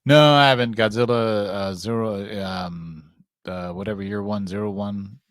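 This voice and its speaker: A man co-hosting a comic book podcast, chatting casually and hesitantly, with frequent pauses and fillers. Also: lowish voice, steady tone, no room sound, studio quality. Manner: hesitant, lots of fillers and restarts. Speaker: podcast co-host. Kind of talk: casual chat.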